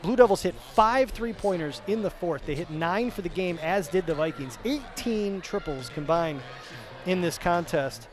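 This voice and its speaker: A man's voice: high-pitched, expressive, normal speed. A male sports announcer giving a postgame wrap-up, rattling off player stats in a chatty, self-correcting way. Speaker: play-by-play announcer.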